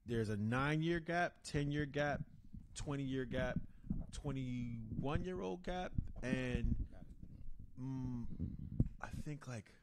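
A young man, a podcast host, chatting casually and telling animated stories with frequent laughter. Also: medium pitch, slow pace, very noisy. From Haitian and Nigerian family. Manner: storytelling, laughs often, animated.

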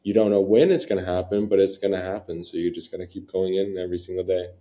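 A man guest lays out his points in a plain, matter-of-fact way. His voice is very low and dark, with little rise and fall. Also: fairly even intonation, fast. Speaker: business co-founder, guest. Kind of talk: casual interview talk.

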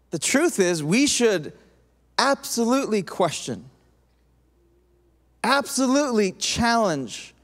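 A male pastor preaching a sermon, acting out quoted voices in an animated way. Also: high-pitched. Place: church auditorium. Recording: long hall reverb.

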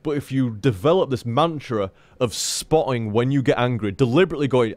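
A man chatting to his stream viewers in a frank, rambling way, with plenty of swearing and restarts. His voice sits at an average pitch and comes through a dry, close mic with no room sound. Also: a little fast, no echo. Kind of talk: casual live-stream chat.

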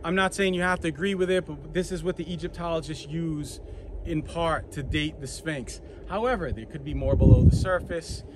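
This tour guide has a Boston accent and a somewhat high voice, talking at a normal speed. He leads an outdoor walking tour of an ancient site, animatedly and persuasively pointing out features as he goes, with traffic sounding behind him.

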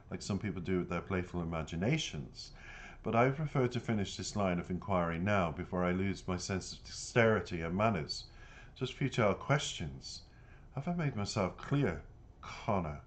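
A sharp, haughty older matriarch who brushes off prying questions, read aloud by a man. The voice sits low and deep, clipped and proud in its storybook reading. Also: expressive, normal speed.

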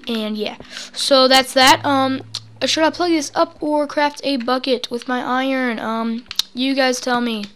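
A woman hosting casual gameplay commentary, energetic and goofy, rambling on with lots of fillers into a close desk mic. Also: high voice, unhurried, clean tone. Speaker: gaming channel host. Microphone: desk mic close to the mouth.

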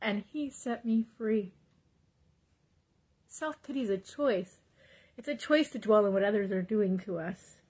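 A woman's voice: medium pitch, lively intonation, unhurried, long pauses, darkish tone, breathy edge. A woman giving a devotional confession vlog, teary and fervent, repeating praise and urging viewers. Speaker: Christian vlogger.

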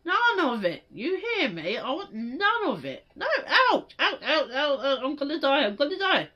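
A woman in a gaming commentary, her voice very high and swinging widely in pitch. She yells and pleads frantically at the game. The recording sounds dull and lo-fi. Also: wildly swooping pitch, normal speed. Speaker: gaming streamer. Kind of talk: let's play commentary.

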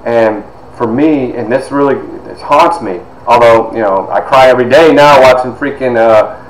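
A man in his fifties from Toledo, Ohio, telling personal stories in an animated, conversational way with frequent asides. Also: medium pitch, moderate pace, crowd noise. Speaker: author and speaker. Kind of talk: personal storytelling talk. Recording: echoey room with faint noise.

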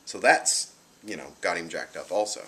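Man, very low voice, forceful and bright, casual rambling vlog storytelling. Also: normal speed. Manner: rambling, animated retelling with many fillers. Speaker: vlogger.

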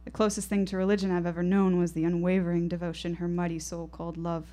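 Young woman reading her own story on stage, lowish voice, reflective. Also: level tone, fast, warm tone. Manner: vivid, reflective first-person narration. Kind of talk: live storytelling performance. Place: stage at a live show.

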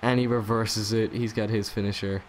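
Young male gamer, lower voice, narrating his match with excited swearing over a faint hiss. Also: normal speed. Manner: excitable, swears, talks to the game opponent. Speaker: gaming YouTuber. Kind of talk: casual gameplay commentary.

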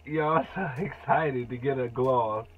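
A young man unboxing makeup in a casual vlog, excitable and gushing, gasping and breaking into shouts. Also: medium pitch, unhurried, highs cut off. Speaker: beauty vlogger.

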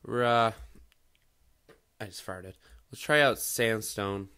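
Bright-voiced man rambling through gameplay. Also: on the low side, takes it slowly, clear, resonant tone. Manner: rambling, profane, self-mocking. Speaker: gaming video host. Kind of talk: casual let's-play commentary.

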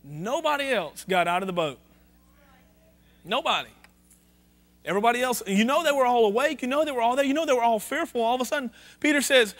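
High-voiced pastor preaching. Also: male voice, expressive, fairly quick, a bit bright. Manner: conversational preaching, reads scripture aloud, asks the congregation questions. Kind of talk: sermon. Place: church sanctuary.

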